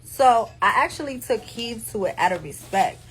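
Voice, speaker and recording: A woman's voice: on the high side, animated, normal speed, husky, faint music behind. A woman in her thirties with a New Jersey accent, speaking straight to her followers on a phone livestream in an emphatic, repetitive, profane way. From New Jersey, USA. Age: 30s. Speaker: live streamer addressing followers. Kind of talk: casual livestream monologue.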